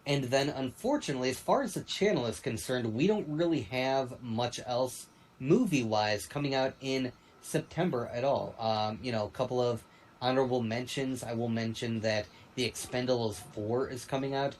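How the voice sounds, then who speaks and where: A man runs a casual livestream chat at a middle pitch. He talks in a loose, easygoing way, pausing on ums and uhs while he keeps things moving. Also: poor audio. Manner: relaxed, many ums and uhs, runs the segment. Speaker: livestream host.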